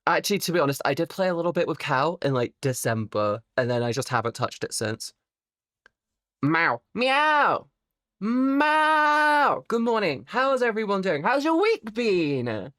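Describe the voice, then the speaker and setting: A woman live streamer chatting casually with her viewers, playful and teasing, swearing freely and jumping suddenly into high squeaky exclamations. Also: sing-song, brisk, few pauses, no echo, clean studio sound.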